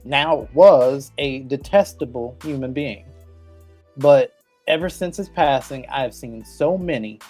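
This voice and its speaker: A man's voice: a little high, a little mellow. A man hosting a podcast, delivering a blunt, emphatic and profane opinion rant. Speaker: podcast host.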